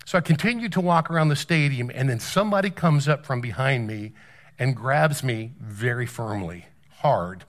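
A man's voice: mid-range voice, animated, moderate pace. A male pastor giving a conversational, story-driven sermon.

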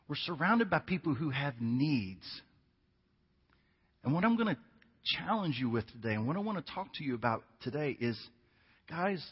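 A man's voice: fairly high pitch, slightly rough. A man preaching as a guest speaker, telling a funny story to the congregation before his sermon. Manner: animated storytelling, jokes with the congregation. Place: church sanctuary. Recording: dull sound in a reverberant church hall.

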